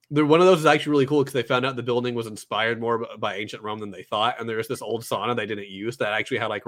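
Laid-back young man reviewing anime. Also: medium pitch. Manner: relaxed, rambling, filler-heavy. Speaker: anime podcast co-host. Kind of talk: casual review chat.

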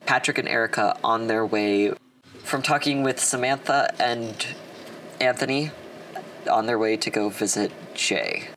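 A man narrating as the storyteller of a tabletop game, briskly steering the players. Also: mid-range voice, fairly bright tone. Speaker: game master. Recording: distant mic with faint noise.

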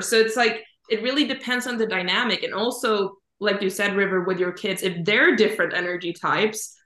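A woman's voice: mid-range voice, sharp tone, echoey room. A woman guest, a Human Design coach, explaining ideas in casual chat with picture-like examples and a lot of "kind of" and "like". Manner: thoughtful, explains with images, says "kind of" and "like" often.

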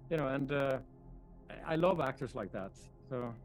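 A man, a film director, answering press interview questions in a thoughtful, halting way with many fillers. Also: medium pitch, animated, soft background music, rough recording.

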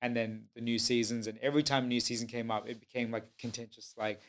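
A man's voice: mid-range voice, flat delivery, fast talker. Rambling male podcast host. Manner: rambling, with many fillers. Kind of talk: casual podcast chat.

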